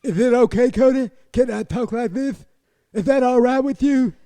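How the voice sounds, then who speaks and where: A man's voice: very high-pitched, normal speed, warm tone. A man doing an impression of a foul-mouthed, hot-tempered wrestling tough guy, growling and confrontational. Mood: mocking.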